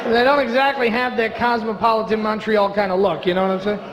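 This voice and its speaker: A man's voice: high voice, little pitch movement, quick pace, highs cut off. A middle-aged man doing a stand-up comedy set in a club, brash, profane and mock-outraged. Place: comedy club stage before a live audience. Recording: reverberant club with audible ambience.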